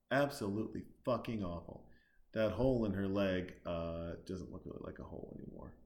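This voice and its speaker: A comedian making profane, sarcastic commentary while watching a horror film, muttering low and then breaking into loud outbursts. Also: male voice, roomy sound.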